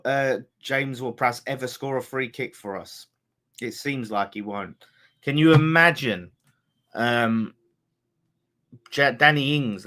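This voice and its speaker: A man hosting a football fan live stream, rambling and chatty, blunt and quick to swear. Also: mid-range voice, a bit bright. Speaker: fan channel host. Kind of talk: casual live-stream chat.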